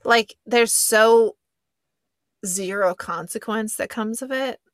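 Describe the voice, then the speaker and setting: A woman's voice: fairly high pitch, takes it slowly, no room sound. A woman co-hosting a casual film review podcast, chatty and rambling. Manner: chatty, rambling, self-interrupting. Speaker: podcast co-host.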